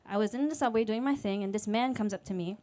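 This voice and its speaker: Her mid-range voice is a little mellow and she talks fast, with no room sound audible. She's a Singaporean music teacher in her late 20s, recounting a personal tale on stage to a live crowd in a frank, chatty manner full of fillers and voiced quotes.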